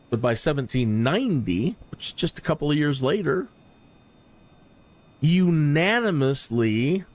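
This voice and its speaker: A man hosting a livestream, talking in a rambling, opinionated way and often repeating words. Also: mid-range voice. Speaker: flight sim streamer. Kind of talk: casual livestream commentary.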